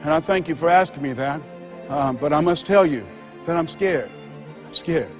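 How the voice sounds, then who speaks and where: A man giving a motivational speech, telling stories and swinging between loud exhortation and hushed, confessional moments. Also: a little high, lively intonation, moderate pace, lo-fi sound, faint music behind. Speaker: motivational speaker.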